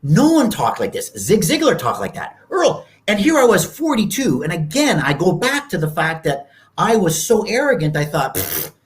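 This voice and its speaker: A man in his sixties from Canada, a guest telling stories in an animated, casual way, often acting out other people's voices. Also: high voice, moderate pace, few pauses. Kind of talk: casual storytelling interview.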